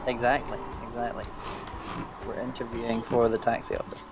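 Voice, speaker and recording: A man's voice: mid-range voice, level tone, fairly quick, heavy background noise. A laid-back man running mock job interviews in a party game. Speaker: player acting as interviewer. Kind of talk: casual game chat. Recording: loud music behind the voice. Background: music.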